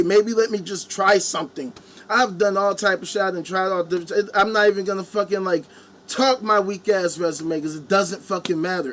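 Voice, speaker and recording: High-voiced man in a profane angry rant. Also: fairly bright tone. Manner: angry, heavy swearing, mocking quoted voices. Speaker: live-stream commentary host. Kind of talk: profane ranting monologue. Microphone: webcam.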